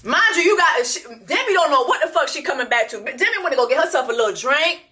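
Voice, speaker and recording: A woman's voice: high-pitched, animated, fast, hardly any pauses, bright, forceful tone. A woman hosting a reaction video, talking bluntly and profanely, repeating her points for emphasis. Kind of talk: unscripted reaction commentary.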